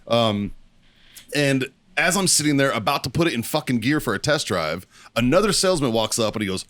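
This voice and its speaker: Profane, animated male podcast host. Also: a little fast, no room sound. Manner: profane storytelling, quotes others in a lower voice. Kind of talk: casual chat.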